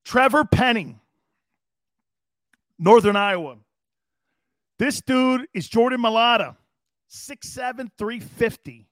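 A man's voice: very high-pitched, slow, pauses often, a bit bright, dry recording, studio quality. A man in his fifties hosting a live sports talk show, brash and profane, mocking players as he talks.

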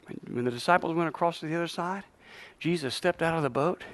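High-pitched, fiery preaching pastor, man. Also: fast talker. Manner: fiery, call-and-response preaching with joking asides. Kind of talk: sermon. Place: church.

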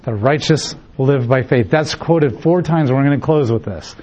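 A man's voice: mid-range voice, normal speed, darkish tone, muffled recording. A male pastor preaching a sermon emphatically, repeating key phrases and acting out short dialogues.

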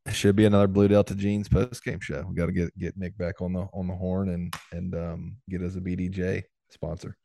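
Deep-voiced, laid-back man. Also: little pitch movement, brisk, creaky, few pauses, mellow, a little hiss or hum. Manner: laid-back, laughs often, trails off. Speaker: podcast co-host, former football player. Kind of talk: casual sports talk.

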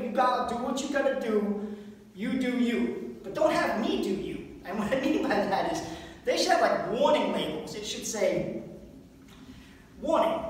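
A man doing a rambling stand-up comedy set at a fundraiser, breaking into high squeaky impressions and little sung bits. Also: slight background noise. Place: event room at a fundraiser. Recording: roomy hall, mic far off.

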